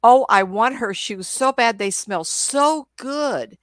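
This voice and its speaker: A woman's voice: a little high, expressive, slow pace, no room sound, clean studio sound, voice pushed up. A woman voicing a whiny dog who longs for its owner's shoes, in a crying, yearning tone. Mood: longing. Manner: whining, longing, crying tone.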